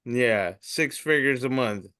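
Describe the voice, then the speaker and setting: A man's voice: mid-range voice, takes it slowly, pushed and bright, clean tone. A man who does comedy, hosting a podcast and reading memes aloud in a loose, profane, jokey way. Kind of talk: casual comedic meme reading.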